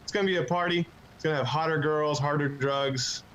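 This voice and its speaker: A man's voice: a little high, steady tone, brisk, fairly bright tone, slight background noise, poor audio. A man in his twenties doing a crude, self-mocking stand-up set at an open mic. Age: 20s. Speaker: stand-up comedian.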